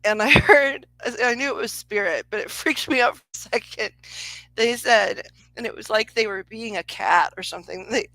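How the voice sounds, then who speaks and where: Chatty, bright-voiced woman psychic. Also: on the high side, moderate pace, no room sound, rough recording. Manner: chatty, laughs often, swears freely. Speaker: psychic medium giving a live reading. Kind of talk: casual livestream storytelling.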